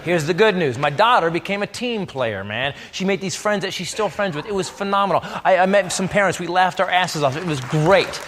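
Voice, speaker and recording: A man's voice: sits high, expressive, brisk, few pauses. A middle-aged man from the United States doing a stand-up comedy set on a club stage, brash and ranting with crude punchlines. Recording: live club recording with loud crowd laughter.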